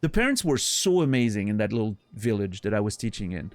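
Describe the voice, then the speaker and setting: A man's voice: fairly low pitch, big pitch swings, quick pace, no echo. Rambling man chatting on stream. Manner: rambling, many restarts and fillers, laughs easily. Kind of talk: casual chat with viewers.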